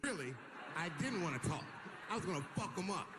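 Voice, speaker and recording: Male stand-up comedian, high-ish voice that jumps around a lot, live stage mic with audience noise. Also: a little fast. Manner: animated storytelling, acts out the people in his story. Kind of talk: stand-up routine.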